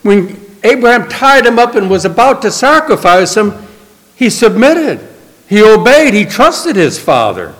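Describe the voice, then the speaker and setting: Pastor, male, high voice, earnest storyteller, recorded in a reverberant hall. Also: sing-song, measured pace, fairly bright tone. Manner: storytelling, earnest, acts out quotes. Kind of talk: sermon.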